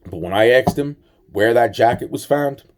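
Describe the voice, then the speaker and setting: A man's voice: mid-range voice, lively intonation, normal speed. A man telling a personal story in a rambling, profane way, full of restarts and acted-out dialogue. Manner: acts out both sides of conversations.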